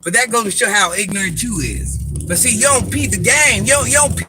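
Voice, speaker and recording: A woman's voice: mid-range voice, very animated, a little fast, background noise. An older woman, a social media personality, scolding commenters in a sassy, confrontational live rant, repeating her insults for emphasis.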